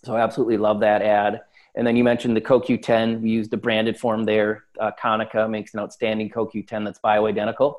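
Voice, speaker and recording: A man's voice: fairly low pitch, monotone, brisk, darkish tone. A man speaking as an interview guest in casual chat, talkative and full of fillers. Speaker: supplement company guest.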